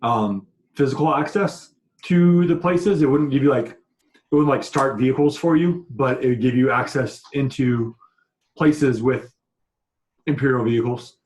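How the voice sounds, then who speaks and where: Male game master, mid pitch, hesitant narration, roomy echo. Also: a little mellow. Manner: halting, many fillers and restarts.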